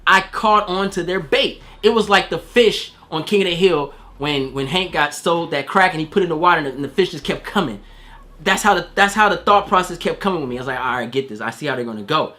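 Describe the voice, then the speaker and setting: A man's voice: sits high, fairly quick, pushed and bright. A man giving a casual spoiler movie review, slangy and profane, acting out quoted voices.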